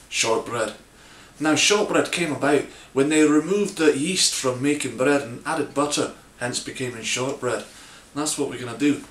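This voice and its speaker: A man's voice: mid-range voice, a bit bright. A man from Bristol with a put-on Scottish accent over his Bristol one, presenting a recipe in a jokey, self-mocking way. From Bristol, England. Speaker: home cook presenting a recipe. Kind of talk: jokey cooking tutorial. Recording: roomy echo.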